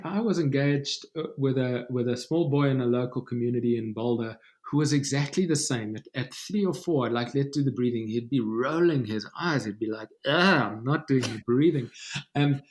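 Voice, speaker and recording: A man speaking as a guest author in an interview, talking softly and slowly in a soothing way, with many ums and uhs. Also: mid-range voice. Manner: soft, slow and soothing, with many fillers. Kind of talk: calm conversational interview.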